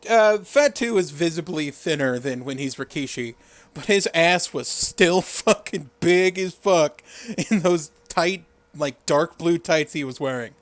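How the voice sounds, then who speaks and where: Casual male podcast co-host: a bit high-pitched, profane, giggly and rambling, recorded dry and close. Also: animated, measured pace, no room sound. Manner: rambling and profane, laughs often, heavy use of "like". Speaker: podcast co-host reviewing wrestling. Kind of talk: casual chat.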